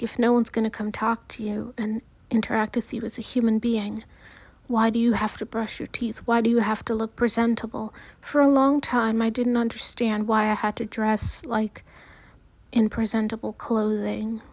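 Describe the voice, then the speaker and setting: A woman talking in a personal video diary with a small, soft voice that often drops near a whisper, halting and restarting as she speaks. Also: fairly high pitch, flat delivery, no room sound. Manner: halting, with many pauses and restarts. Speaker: vlogger.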